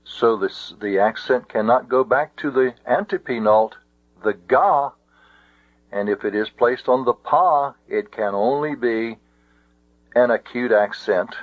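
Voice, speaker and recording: A man teaching ancient Greek accents in a slow, methodical lecture, sounding out syllables one by one. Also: mid-range voice, no room sound. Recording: dull dry lo-fi recording.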